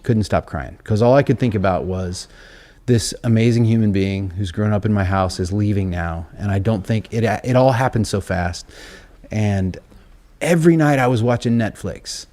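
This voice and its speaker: A man's voice: fairly low pitch, normal speed, darkish tone. A middle-aged man, a guest telling a rambling, self-deprecating story on stage before a live audience. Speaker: interview guest, songwriter and author. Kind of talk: live onstage conversation.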